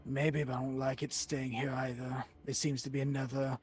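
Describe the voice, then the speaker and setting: A man's voice: medium pitch, level tone, normal speed, darkish tone. A man playing a tabletop role-playing game, mixing in-character speech with casual, joking talk. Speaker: player.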